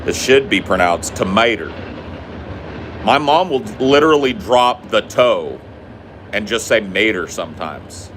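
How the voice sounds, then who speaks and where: A man's voice: fairly low pitch, expressive, measured pace, fairly bright tone, a little hiss or hum. A man from the United States co-hosting a podcast, trading casual banter and ranting in a profane, teasing way. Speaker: podcast co-host.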